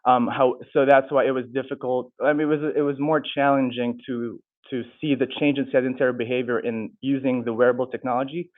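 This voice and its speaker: A young man, a student, answering audience questions after his talk, halting and often restarting his sentences. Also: mid-range voice, flat delivery. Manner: halting, restarts and corrects himself. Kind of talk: unscripted Q&A answers. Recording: tinny, phone-like sound.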